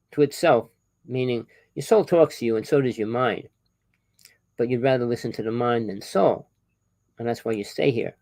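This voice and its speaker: A man delivers a spiritual monologue in a rather high voice, pressing the listener with one rhetorical question after another. His loudness swings from sudden emphatic bursts to quiet, low asides. The recording is dry, with almost no room sound. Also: dry recording. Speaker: spiritual teacher.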